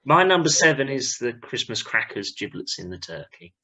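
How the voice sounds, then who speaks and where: A man's voice: mid-range voice, big pitch swings, normal speed, pushed and bright, husky. A man hosting a podcast in casual chat, upbeat and prompting the others to speak. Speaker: podcast host.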